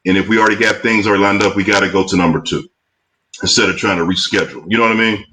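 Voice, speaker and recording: Low-voiced producer man, blunt and emphatic, video call with faint hiss. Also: steady tone, sharp tone, poor audio. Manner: blunt, emphatic, drawn-out asides. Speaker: film producer and host. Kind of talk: casual chat.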